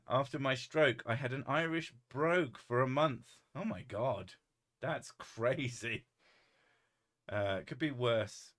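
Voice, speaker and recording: A man's voice: lowish voice, a bit bright. Swearing streamer man reading chat. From United Kingdom. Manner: swears freely, laughs often, reads comments aloud. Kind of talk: casual livestream chat.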